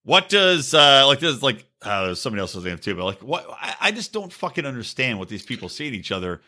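A man co-hosting a podcast in casual chat, profane and animated, often mocking people in quick put-on voices. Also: mid-range voice. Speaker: podcast co-host.

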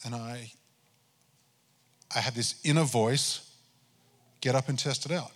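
A man's voice: mid-range voice, measured pace, pauses often. Man preaching a story in an echoing church. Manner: animated storytelling, acting out his own prayers. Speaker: pastor. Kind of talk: sermon testimony.

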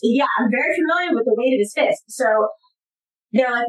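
A woman guest giving personal testimony in an interview, earnest and emphatic, with halting restarts. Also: high voice, lively intonation, poor audio.

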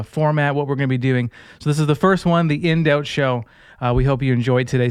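A man's voice: medium pitch, clear, resonant tone, dry recording, studio quality. A man hosting a faith podcast in an upbeat, joking, chatty manner. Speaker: podcast host. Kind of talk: casual podcast chat.

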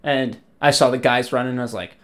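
A man's voice: medium pitch, flat delivery, quick pace, a bit bright. A man in casual chat, laid-back and swearing while he tells school stories.

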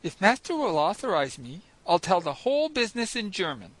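A man voicing a calm, philosophical young servant who speaks serenely and deferentially in a storybook reading. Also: high voice, fairly quick, dry recording.

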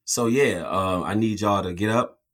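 A man co-hosting a casual comic review, talking in an animated, profane way and acting out scenes with put-on voices. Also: lowish voice, normal speed. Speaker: podcast co-host reviewing a comic. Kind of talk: casual chat.

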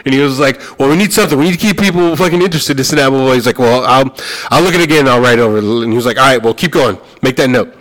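A man's voice: medium pitch, racing. Man telling a story, laughing. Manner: animated anecdote-telling, swearing, laughing, quoting others. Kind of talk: casual storytelling chat.

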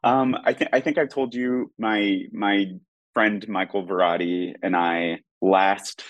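A man's voice: on the low side, fairly even intonation, measured pace, no room sound, lo-fi sound. A man, an actor and producer, chatting animatedly as a guest, with lots of restarts. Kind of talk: casual interview chat.

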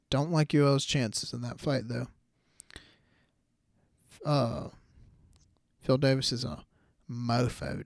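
Young male podcast host, animated, cursing, mid pitch, dead dry mic. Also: no room sound. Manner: animated, incredulous, swears freely. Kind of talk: casual combat sports chat.

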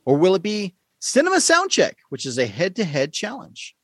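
Guy hosting a podcast quiz, jokey, kinda high voice bouncing all over, dry close sound. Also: moderate pace, breathy edge, no room sound. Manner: playful, laughs often, lively delivery. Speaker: quiz show host. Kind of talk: casual podcast quiz chat.

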